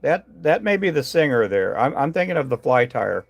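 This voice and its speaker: A man with a gravelly, creaky voice talks to viewers on his live stream. He rambles from thought to thought with lots of fillers and false starts as he works at his tying bench indoors. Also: medium pitch, very animated, fairly quick. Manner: rambling, chatty, many fillers and restarts. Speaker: livestream host tying fishing jigs.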